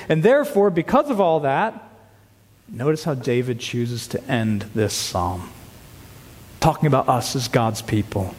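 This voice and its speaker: A man preaching a sermon to his church, earnest and emphatic, slowing down to read scripture aloud. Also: mid-range voice, darkish tone, long reverb tail. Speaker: pastor. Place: church sanctuary.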